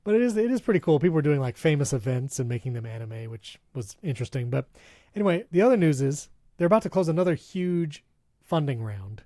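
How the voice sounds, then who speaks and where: A man's voice: on the high side, sing-song, mellow, dry recording, studio quality. Upbeat, chatty male podcast co-host. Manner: upbeat, chatty, quick to laugh. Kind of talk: casual chat.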